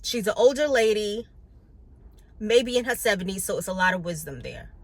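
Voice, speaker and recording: A woman's voice: mid-range voice, expressive, moderate pace, no echo. A middle-aged woman vlogging to camera in a candid, chatty way, reflective and open about her week as a makeup artist. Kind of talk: casual vlog chat to camera. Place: New York City.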